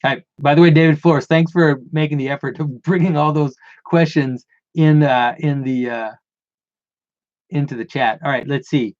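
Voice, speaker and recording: A man's voice: fairly high pitch, steady tone, normal speed, darkish tone, no echo, highs cut off. A man hosting a casual livestream Q&A, rambling with frequent restarts and repeated words. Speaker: channel host answering viewer questions.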